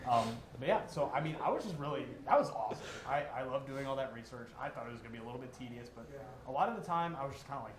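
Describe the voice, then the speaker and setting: A man's voice: medium pitch, animated, fast talker, crowd noise. A young man co-hosting a casual esports recap, joking as he rattles off player names. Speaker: co-host. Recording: echoey room, faint noise.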